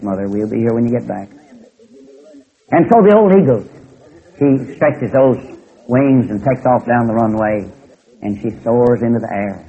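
Folksy preacher on a tinny line. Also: male voice, medium pitch. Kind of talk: folksy sermon storytelling. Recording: tinny phone-like recording.

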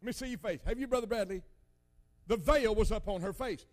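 Older male preacher, high voice, folksy and emphatic storyteller. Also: brisk. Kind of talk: sermon.

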